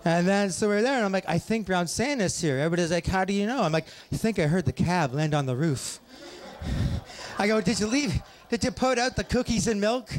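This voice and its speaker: High-voiced man doing pub stand-up. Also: animated, fairly quick. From Ontario, Canada. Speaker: stand-up comic. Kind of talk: stand-up comedy set. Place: small pub stage.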